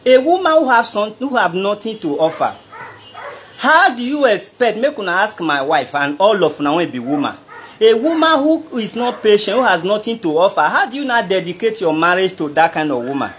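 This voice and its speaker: A man's voice: high voice, very animated, brisk, a bit bright, slight background noise. A man with a Nigerian Pidgin English accent telling a personal grievance to camera in a rambling, indignant way. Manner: indignant, rambling, addresses the listener directly. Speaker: vlogger. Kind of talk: aggrieved personal storytelling to camera.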